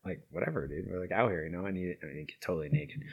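A middle-aged man with a deep, low voice tells a story as an interview guest. His talk is loose and rambling, packed with fillers. He gets loud and animated, then drops to a hushed near-whisper. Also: very fast, narrow, tinny audio. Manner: rambling, filler-heavy, loudness swings from lively to hushed. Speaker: interview guest, founder of a veterans' horse program. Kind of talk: casual storytelling.

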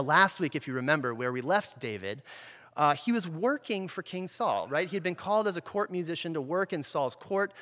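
A man's voice: fairly high pitch, fairly bright tone. A man preaching a conversational sermon, retelling a story in a casual way and often checking in with the listeners. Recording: long reverb from a large hall.

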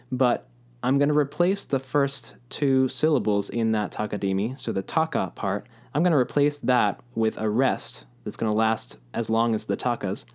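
A man's voice: mid-range voice, darkish tone. A man teaching a music lesson, patiently explaining rhythms and chanting rhythm syllables aloud.

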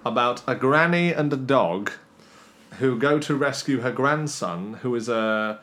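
A man co-hosting a casual podcast chat, telling stories in an animated way with quick restarts. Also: medium pitch.

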